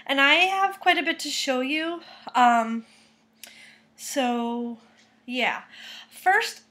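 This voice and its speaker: A woman's voice: a little high, sharp tone. A woman from Boston chatting casually to camera as a knitting vlogger, with many fillers and restarts. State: close to tears, subdued. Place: home kitchen.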